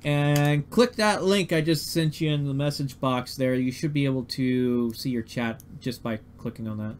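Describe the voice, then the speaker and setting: A man's voice: mid-range voice, moderate pace, a little hiss or hum. A man hosting a livestream, casually talking through technical steps with frequent fillers. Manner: easygoing, talks through tech steps with fillers. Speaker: livestream host.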